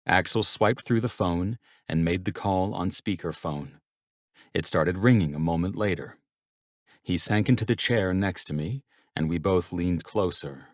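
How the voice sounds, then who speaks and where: A man narrates a first-person romance audiobook in a very low, measured voice. He tells the story evenly, without hurry. The studio sound is dry and close, with no room echo.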